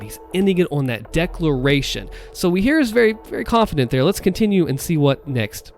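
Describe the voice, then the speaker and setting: A man's voice: on the high side, lively intonation, brisk, few pauses, darkish tone, faint music behind. A man who is a voice actor, enthusiastically breaking down and imitating the delivery of game voice lines. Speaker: voice actor and video host. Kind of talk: analytical commentary on game voice lines.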